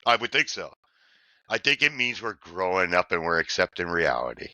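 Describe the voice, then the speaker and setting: Bright, low-voiced middle-aged man. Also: big pitch swings, moderate pace, no room sound, dull audio. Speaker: podcast co-host. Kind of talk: casual recovery chat.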